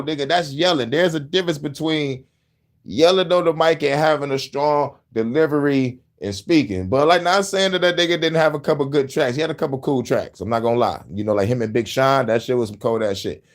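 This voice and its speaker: A man's voice: on the high side, normal speed. A middle-aged man hosting a loose, profane show, rambling and laughing between riffs. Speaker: host. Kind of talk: casual chat.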